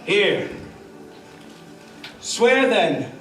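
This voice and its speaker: A man's voice: sits high, sing-song, drawn-out words, a bit bright, soft background music, full character voice. A man playing a swaggering, tipsy butler on stage, boisterous and blustering, recorded from a distance in an echoey hall. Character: drunken swaggering male butler, adult. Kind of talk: live stage acting.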